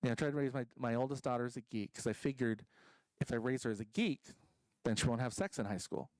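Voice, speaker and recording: A man's voice: mid-range voice, quick pace, darkish tone, no room sound, poor audio. A man doing a stand-up comedy set at a convention stage, rambling and self-deprecating, full of ums and restarts.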